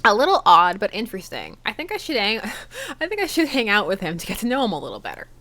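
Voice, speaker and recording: A woman's voice: medium pitch, huge pitch swings, fast, a bit bright. A woman streamer chatting casually and giggling as she plays through a dating game.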